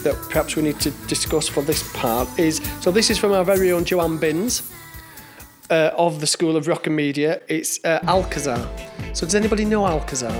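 A man's voice: on the high side, fairly quick, soft background music. A man co-hosting a podcast in casual chat, rambling with lots of restarts and fillers. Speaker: podcast co-host.

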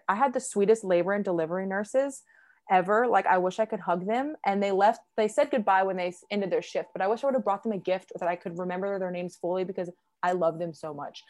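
A woman's voice: medium pitch, darkish tone. A young woman telling a personal story in a loose, chatty way. She fills her talk with likes and ums and acts out what other people said. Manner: chatty, many fillers, acts out quoted voices. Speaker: guest sharing a birth story. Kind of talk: casual storytelling chat.

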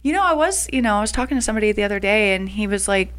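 A woman in her thirties chatting casually with her partner as podcast co-host, telling stories in a lively way and acting out what others said. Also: medium pitch, very fast, hardly any pauses. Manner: animated storyteller, acts out quotes with laughs. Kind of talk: casual couple chat.

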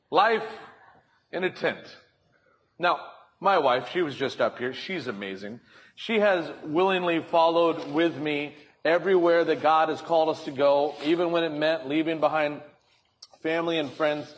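High-voiced male pastor preaching. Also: fairly bright tone. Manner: storytelling, acts out voices in anecdotes. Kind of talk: sermon. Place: church stage.

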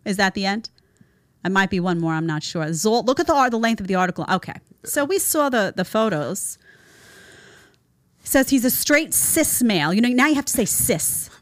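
A woman's voice: mid-range voice, animated, moderate pace, no room sound, clean studio sound. A woman hosting a reaction commentary show, talking emphatically and sarcastically, often calling people "honey" and asking her audience to agree. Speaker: show host.

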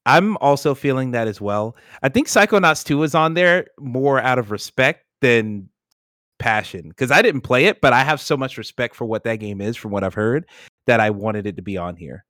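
Here the gaming podcast host has a medium, fairly bright voice with lively intonation and a moderate pace. Loose and profane, he keeps the ranking talk moving, captured in a dry, studio-quality recording.

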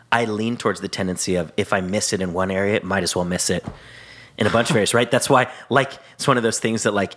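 A man's voice: low voice, a bit bright. A young man on a Christian podcast, earnestly telling a personal story and quoting prayers and scripture in casual chat. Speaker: podcast co-host.

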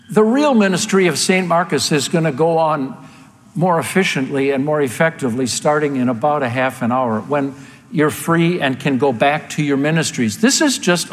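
A man's voice: fairly high pitch, big-room sound. A man preaching a sermon as pastor, emphatic and firing off rhetorical questions, getting worked up at times.

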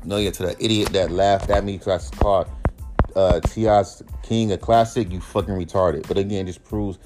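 Speaking at a moderate pace over music, a man in his thirties hosts a podcast and launches into a profane, animated rant. He takes shots at his critics, mimicking them in a high, sneering tone.

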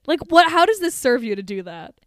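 A woman co-hosting a horror movie podcast, retelling scenes in animated, sweary casual chat. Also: high voice, brisk, no echo. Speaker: podcast co-host.

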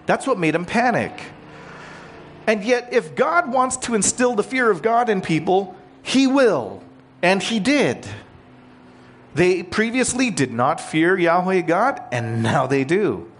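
Lively, fairly high-voiced male preacher. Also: slow, slight background noise. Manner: explains scripture plainly, asks the listeners questions. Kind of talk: conversational expository sermon.

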